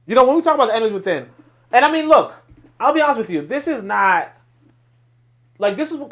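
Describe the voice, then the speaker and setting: High, lively male host lecturing. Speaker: podcast host. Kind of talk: solo commentary on social media posts.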